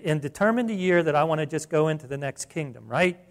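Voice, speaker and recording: A man's voice: a little high, fairly quick. A man preaching a sermon in a conversational way, piling up rhetorical questions and rising in emphasis. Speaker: pastor.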